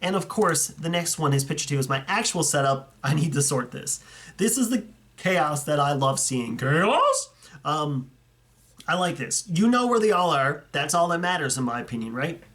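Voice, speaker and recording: Young guy, kinda high voice, rambly excited commentary, keeps fixing what he just said. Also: normal speed. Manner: chatty, enthusiastic, rambling with self-corrections. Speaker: YouTuber reviewing fan collections. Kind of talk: casual commentary over viewer photos.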